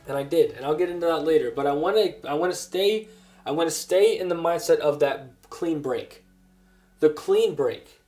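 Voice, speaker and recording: A grown man delivers a personal testimony sermon in an earnest, halting way, circling back and restarting his phrases. His voice sits a little higher than most men's. Soft music plays faintly underneath. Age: adult. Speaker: preacher.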